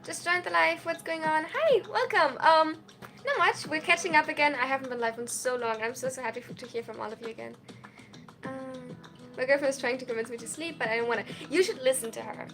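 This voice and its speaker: A young woman with a high, bright-pitched voice talks casually on a live stream, reading chat messages aloud and reacting with quick bursts of excitement. She sounds tired from lack of sleep, with faint music playing behind her in a small dorm room. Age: young adult.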